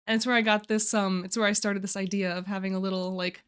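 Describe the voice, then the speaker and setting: A woman's voice: mid-range voice, steady tone, fast talker, a bit bright, smooth. A young woman streaming live, chatting casually and giggling often as she walks through her writing challenge. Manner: chatty, giggly, restarts phrases.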